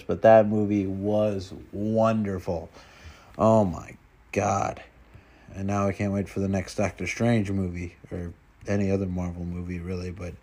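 Male vlogger, low and gravelly, loose rambling delivery with frequent swearing. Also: a little mellow. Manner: rambling, swears often, mutters to himself. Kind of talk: casual solo chat while browsing.

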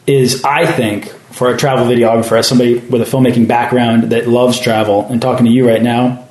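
A man hosting a podcast, telling travel stories in a reflective, animated way. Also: medium pitch, a little fast. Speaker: podcast host. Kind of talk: casual conversational chat. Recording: roomy echo.

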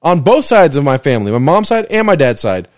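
A young man hosts his solo podcast from a desk in his living room, rambling from joke to joke with plenty of swearing. His pitch swings widely as he slips in and out of mock voices. The sound is close and dry. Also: big pitch swings, a little fast, dry recording. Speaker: podcast host. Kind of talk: casual solo podcast chat.

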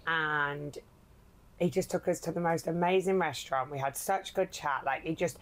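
A woman's voice: low voice, steady tone, normal speed. A woman from England co-hosting a podcast, chatting casually in a teasing way and swearing now and then. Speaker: podcast co-host. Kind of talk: casual chat.

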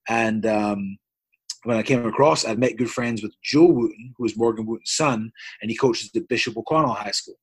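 A man's voice: lowish voice, normal speed, breathy edge, no echo. A man, a basketball coach, telling a long personal story in an interview, earnest and rambling with frequent restarts. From Scotland.

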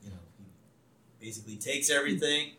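A man co-hosting a podcast, recapping a cartoon episode in an animated, laughing way. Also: mid-range voice, quick pace. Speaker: podcast co-host. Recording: roomy echo.

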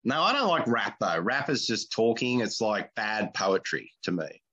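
A man's voice: lowish voice, big pitch swings, normal speed, bright, forceful tone, husky, dull audio. A man hosting a podcast in casual chat, with a blunt, opinionated and crude way of talking. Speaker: podcast host.

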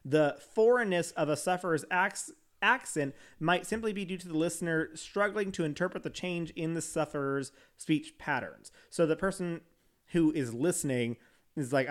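Guy reading an article out loud on a podcast, kinda high voice, keeps stumbling and laughing it off. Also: normal speed. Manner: stumbles over words and restarts, laughs at himself. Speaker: podcast host. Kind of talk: reading an article aloud with casual asides.

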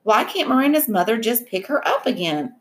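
A woman's voice: a little high, big pitch swings, a little fast, pitched above the performer's own voice. A woman reading aloud as an anxious, apologetic mother who fusses over her children. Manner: anxious, fussing.

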